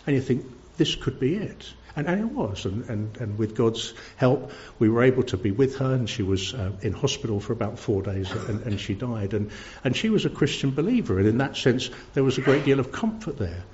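A man's voice: mid-range voice, big pitch swings, a little fast, darkish tone, a little hiss or hum. A man preaching a sermon at a church service, earnest, stumbling over repeated words when stressed. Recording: dull lo-fi recording.

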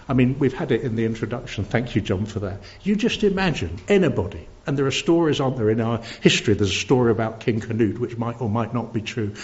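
A man's voice: medium pitch, lively intonation, fast talker, few pauses, darkish tone. A man preaching a sermon at a church service, earnest, stumbling over repeated words when stressed. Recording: dull lo-fi recording.

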